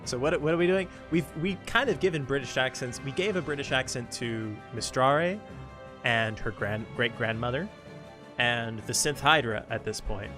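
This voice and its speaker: A man's voice: medium pitch, moderate pace. A man chatting casually on a game live stream, rambling and self-deprecating with many restarts. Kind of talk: casual live-stream chat while reading game dialogue. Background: game music.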